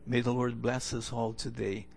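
A male pastor preaching a sermon in a church, earnest, repeating key phrases for emphasis and letting the ends of lines fall to a hush. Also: mid-range voice, little pitch movement, normal speed, creaky, breathy edge.

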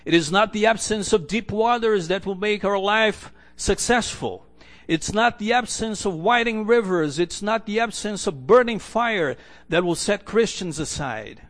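Earnest high-voiced male pastor preaching. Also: a little slow. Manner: earnest, repeats phrases for emphasis, drops to a hush at the ends of lines. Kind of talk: sermon. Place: church.

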